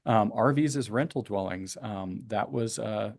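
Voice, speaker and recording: A man's voice: on the low side, unhurried, creaky, a little mellow, dry recording, clean studio sound. A man on planning staff explaining options at a public meeting, thinking aloud with frequent fillers. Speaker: county planning staff member.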